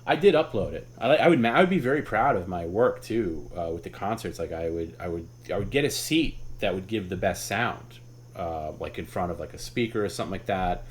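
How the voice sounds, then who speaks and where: A man's voice: deep voice, lively intonation, brisk, slight background noise. A man hosting a live stream, telling a story casually, rambling and swearing as he goes. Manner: rambling, with many restarts and laughs. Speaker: host.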